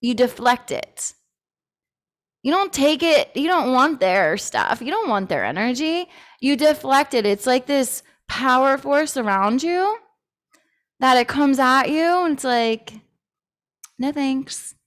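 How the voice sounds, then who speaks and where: Candid, higher-voiced woman host. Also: animated, unhurried. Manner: candid, swears freely, laughs often. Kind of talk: casual talk on personal growth.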